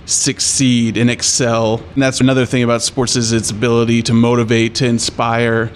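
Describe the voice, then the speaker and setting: A man interviewing a guest, thanking him and reflecting calmly on the story. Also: mid-range voice, normal speed, a little hiss or hum. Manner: calm, affirming listener. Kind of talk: casual interview.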